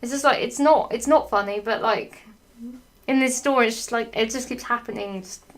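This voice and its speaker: A woman reading a badly written story aloud for comedy, breaking off for sarcastic, sweary asides, laughing and clearing her throat often. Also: fairly high pitch, normal speed. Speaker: fanfiction reader.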